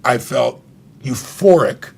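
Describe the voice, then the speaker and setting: A middle-aged man, an author being interviewed, telling an emotional story with animated retold dialogue and frequent laughs. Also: mid-range voice, slow, gravelly, breathy edge. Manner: animated, acts out quoted dialogue, laughs often. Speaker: author and guest.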